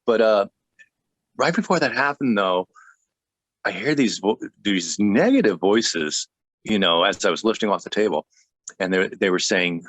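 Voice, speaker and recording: A man with a fairly low voice shares his testimony as a pastor in a relaxed conversation. He jokes and laughs easily, and his sentences often stall and restart. The sound is dry, with no room echo. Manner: halting, with many restarts.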